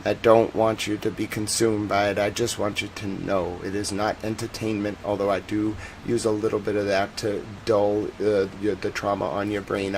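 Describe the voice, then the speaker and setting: A man with a Boston accent hosting a casual live stream about war footage, chatting with viewers and turning soft and earnest on serious points. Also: lowish voice, vocal fry, slight background noise, low-quality recording. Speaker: live-stream news host.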